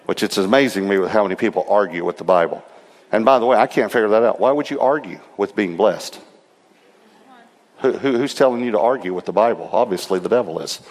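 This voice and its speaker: Speaking quickly in a fairly low voice, a middle-aged pastor turns his sermon into funny, animated stories complete with quoted voices. The recording carries a long hall reverb.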